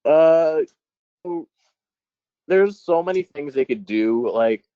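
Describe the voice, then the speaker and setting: A man's voice: on the high side, animated, slow, smooth, no echo, dull audio. A man co-hosting a casual podcast, hesitant and filling his talk with 'like' and 'you know', swearing now and then. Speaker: podcast co-host.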